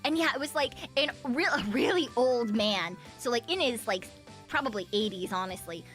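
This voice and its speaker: A woman's voice: on the high side, animated, moderate pace, a bit bright, soft background music. A woman streamer chatting casually, giggling often and rambling with lots of fillers and self-corrections. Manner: giggly, laughs often between sentences. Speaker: VTuber streamer.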